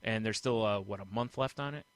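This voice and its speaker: A man's voice: lowish voice, a little fast, no echo. A man hosting a podcast in casual banter, chatty and rambling, laughing a lot. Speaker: podcast host.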